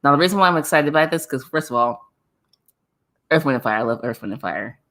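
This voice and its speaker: At a quick pace, this low-voiced woman hosts an informal livestream and reacts to what her viewers write. She laughs a lot, speaks animatedly and says things twice for effect.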